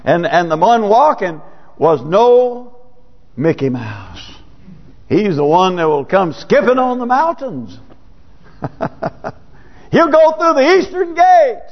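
High, lively preacher in a reverberant hall. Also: male voice, slow, pauses often. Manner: folksy, conversational preaching with sudden rises. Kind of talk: sermon. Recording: dull, lo-fi church recording with long reverb.

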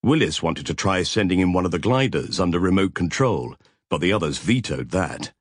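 Husky male audiobook narrator. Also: low-pitched, animated, normal speed, no room sound, studio quality. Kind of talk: scripted narration.

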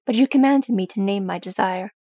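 Brief: courtly, earnest dwarf warrior, gravelly and husky, quiet formal speech, read by a woman. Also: medium pitch, fairly quick, no room sound, natural voice.

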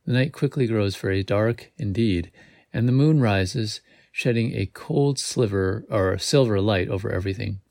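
Gravelly low-voiced man reading aloud. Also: moderate pace, darkish tone, no room sound, clean studio sound. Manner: casual reading with slips and self-corrections. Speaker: podcast host.

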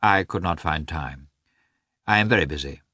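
A man's voice: low-pitched, animated, moderate pace, pushed and bright, no echo, voice pushed down, heavily acted. A man reading aloud, voicing a cold, stiff official who answers dryly and curtly. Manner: dry, curt, muttering.

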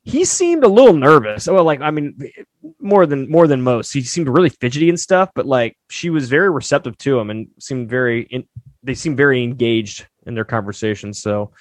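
Man with a mid-pitched voice, loose chat. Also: a little fast, dry recording. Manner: loose and filler-heavy, often saying "like". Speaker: podcast co-host. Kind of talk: casual chat, recapping a TV show.

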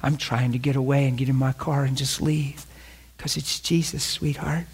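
A man's voice: mid-range voice, little pitch movement, normal speed, husky. A middle-aged man preaching a sermon, telling a story and acting out the dialogue.

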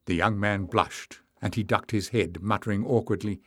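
A man narrating an audiobook in a steady, even storytelling manner. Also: lowish voice, normal speed, no echo, studio quality. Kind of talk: scripted narration.

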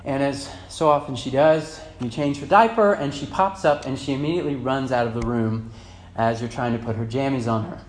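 A man in his thirties preaching a sermon as pastor, moving between loud fervent emphasis and soft reflective passages. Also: medium pitch, a little fast. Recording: echoey church room with faint hum.

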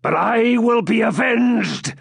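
A man's voice: very high-pitched, expressive, slow, creaky, slightly rough, dry recording, pitched above the performer's own voice, exaggerated voice. A man voicing a proud, bitter old Saxon lord who speaks with indignant declamation in an audiobook reading.

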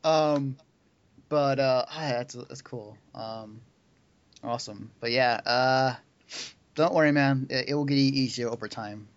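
A young man hosts a relaxed podcast conversation, chatty and loose with plenty of fillers and laughter. His voice sits at an ordinary pitch, and the recording is dull and lo-fi. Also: unhurried, no echo. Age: young adult. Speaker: podcast host. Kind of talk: casual chat. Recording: dull lo-fi audio.

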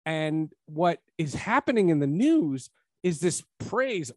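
A man hosting a podcast, chatting casually about a film and rising to emphatic, animated points. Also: on the high side, a little slow, no room sound. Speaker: podcast host. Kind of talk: casual film review chat.

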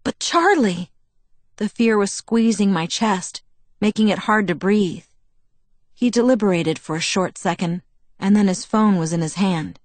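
A woman reading a story aloud in first person, in even, measured narration. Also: mid-range voice, no room sound. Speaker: audiobook narrator.

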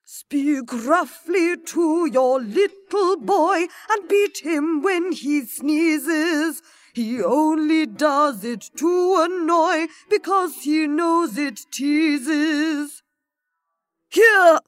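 Woman doing a grumpy duchess, storybook, brusque, loud, high, swooping. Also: lively intonation, slow, few pauses, faint music behind, exaggerated voice. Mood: singsong. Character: grumpy, rough-mannered noblewoman duchess. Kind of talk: storybook character voice.

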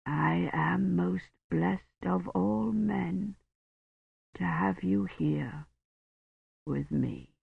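A narrator voicing a dying, devout old male priest who murmurs slowly in a weak, slurred voice. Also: high-pitched, gravelly, breathy edge, no echo, narrow, tinny audio, exaggerated voice. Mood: faint. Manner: faint slurred murmur, slow and solemn. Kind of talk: audiobook reading.

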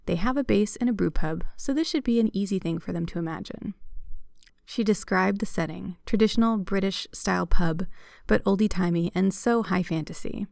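A woman narrating a piece of fan fiction aloud with steady, even delivery. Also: mid-range voice, normal speed, vocal fry, no echo, clean studio sound.

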